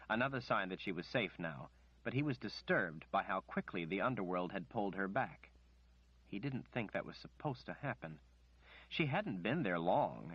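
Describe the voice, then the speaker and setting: A man with a very deep, low voice reads an audiobook in a measured, steady storytelling manner. The recording is dry and close, with a slightly muffled, dull tone. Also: dry recording. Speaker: audiobook narrator. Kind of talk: scripted audiobook narration.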